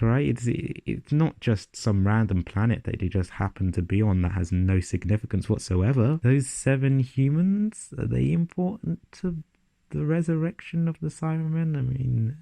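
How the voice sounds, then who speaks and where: A man's voice: mid-range voice, expressive, a little slow, vocal fry, warm tone, dry recording. A man giving a casual, sarcastic and profane review of a TV episode.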